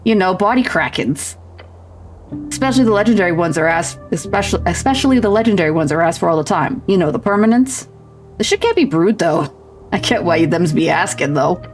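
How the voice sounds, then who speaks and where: A woman voicing a gruff, cocky male goblin potion seller who talks in rude street slang with a crunchy voice. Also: on the low side, animated, fairly quick, faint music behind, lightly acted. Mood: dismissive. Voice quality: crunchy, gravelly.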